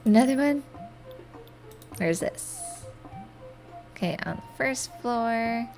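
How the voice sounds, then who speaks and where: A woman streamer casually commenting on her gameplay, thinking aloud in a relaxed way. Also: a little high, slow, faint music behind.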